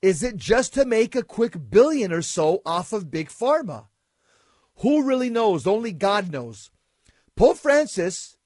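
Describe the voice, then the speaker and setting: A man reading prepared commentary on a talk show in a deliberate, indignant way. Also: high-pitched, no room sound, studio quality.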